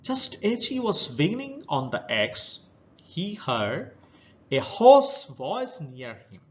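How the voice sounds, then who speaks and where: A man's voice: fairly high pitch, huge pitch swings, takes it slowly, lo-fi sound. A male teacher with an Indian English accent who reads a children's story aloud and then retells each passage in simple words. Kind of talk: reading a story aloud and explaining it.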